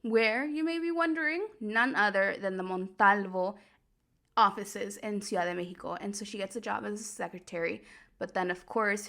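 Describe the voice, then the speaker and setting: Chatty woman with a gravelly edge. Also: medium pitch. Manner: chatty, animated, lots of "like", laughs easily. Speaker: host. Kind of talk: casual chat recap.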